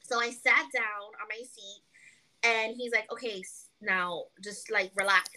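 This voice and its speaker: A young woman co-hosting a casual podcast, telling a long story with animated quoting and lots of "like". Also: mid-range voice, a little slow, low-quality recording. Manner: animated storytelling, acts out quotes, peppered with "like". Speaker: podcast co-host. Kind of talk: casual chat.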